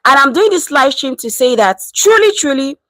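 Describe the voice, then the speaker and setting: A woman's voice: high voice, normal speed, no echo, low-quality recording. A woman in her thirties from Nigeria, with a Nigerian accent, chatting casually on a live stream, reading out comments and slipping into Pidgin. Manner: animated, switches into Nigerian Pidgin.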